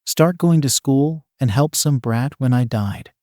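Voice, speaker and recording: A man's voice: mid-range voice, a little slow, darkish tone, no echo, studio quality, lightly acted. A man voicing a hotheaded teenage boy who fights with explosives, speaking in a snappy, irritable way.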